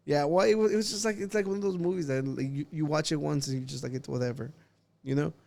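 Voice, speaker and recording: This young podcast co-host has a fairly high, gravelly voice with a warm tone, keeping steady while talking fast. His casual chat wanders, packed with filler words and laughs.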